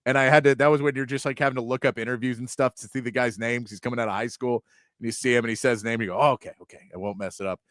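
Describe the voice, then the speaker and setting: A male sports radio host who chats in a rambling, easygoing way, often breaking into laughter. His voice sits at a middle pitch and sounds dry and close to the mic, with little room sound. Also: flat delivery, racing, a bit bright, no echo. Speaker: sports talk show host. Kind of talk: casual sports talk.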